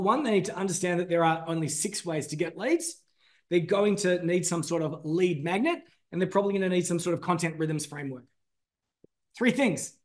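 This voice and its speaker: A man presenting a business masterclass, energetic and emphatic, calling out to his audience. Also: high-pitched. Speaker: business trainer.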